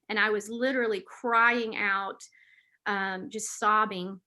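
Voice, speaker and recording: Woman, author guest, earnest and confessional, bright tone, average pitch. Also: steady tone, slow pace. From Southern United States. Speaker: author and podcast host. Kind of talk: interview guest telling a personal testimony.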